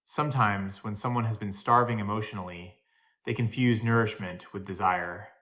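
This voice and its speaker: A man voicing a composed female therapist who speaks softly and measuredly, in a low, plain voice. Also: fairly even intonation, lightly acted. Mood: calm, intimate. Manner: measured, soft-spoken.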